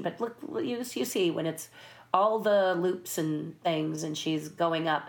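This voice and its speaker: A woman's voice: low-pitched, gravelly. A woman who works as a puppeteer and stunt performer, telling behind-the-scenes stories in a casual interview and acting out the voices. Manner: lively, acts out voices in her stories, laughs often. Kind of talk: casual anecdotal storytelling.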